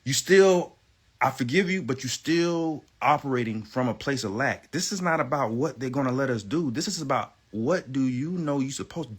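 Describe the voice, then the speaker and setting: A man's voice: mid-range voice, husky. A man on a livestream, ranting insistently in a rambling, profane way and repeating himself. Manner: emphatic, insistent. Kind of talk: livestream rant.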